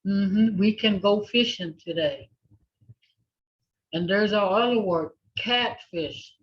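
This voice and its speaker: A woman's voice: mid-range voice, slow pace. A woman teaching a language class over a video call, patiently repeating words for her students to echo. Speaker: language instructor. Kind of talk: online language lesson. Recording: dull lo-fi video call audio.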